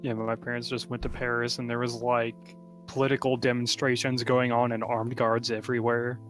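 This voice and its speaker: A man's voice: medium pitch, monotone, brisk, a bit bright, soft background music. A man in casual chat recounting a story, peppered with "like.". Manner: chatty, lots of "like" fillers.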